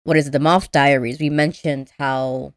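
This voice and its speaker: A woman co-hosting a podcast in casual chat, animated and acting out movie lines in voices. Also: low-pitched, moderate pace, no room sound, studio quality. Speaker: podcast co-host.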